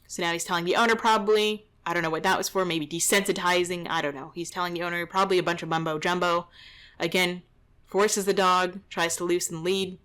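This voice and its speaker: A woman's voice: on the low side, fairly even intonation, fast, fairly bright tone. Indignant woman dog trainer commenting. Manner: indignant, exasperated running commentary. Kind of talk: reaction commentary over a video.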